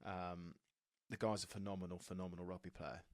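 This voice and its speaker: English podcast host guy, lowish voice, matey chat, dry close sound. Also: little pitch movement, fairly quick, dry recording. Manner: matey, chatty, says "mate" a lot. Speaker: podcast host, former rugby player.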